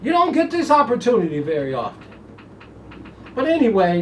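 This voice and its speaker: A man's voice: sits high, big pitch swings, unhurried, a little hiss or hum. A man hosting a horse racing preview show from a studio, fired up and folksy, telling himself to simmer down. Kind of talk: excitable folksy race preview monologue. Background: soft jazz music.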